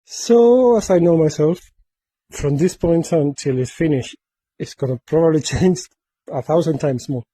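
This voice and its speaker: Man, sculptor vlogging, playful, rambling, sing-song repeats, mellow tone, dry close sound. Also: on the high side, unhurried, dry recording. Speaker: mask sculptor. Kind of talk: casual workshop vlog.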